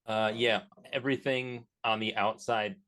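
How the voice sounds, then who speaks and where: A man playing in a tabletop game, describing his character's actions in a halting, self-correcting way. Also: lowish voice, level tone, a bit bright. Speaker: player. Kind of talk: casual tabletop play.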